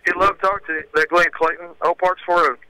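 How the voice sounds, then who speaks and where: Male caller, bright higher voice, dry phone line. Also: steady tone, fast talker, smooth, dry recording. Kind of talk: phone-in chat. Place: in a car.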